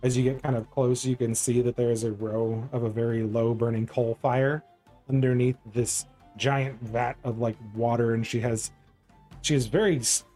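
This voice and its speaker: A man's voice: mid-range voice, fairly even intonation, normal speed, dark tone, soft background music. A man narrating as game master in a tabletop game, loose and rambling with frequent ums.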